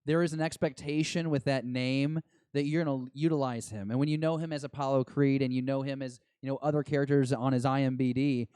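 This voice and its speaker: A man co-hosting a podcast, chatting excitedly and rambling as an eager fan. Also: mid-range voice, brisk, clear, resonant tone, dry recording, studio quality. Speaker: podcast co-host. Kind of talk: casual chat.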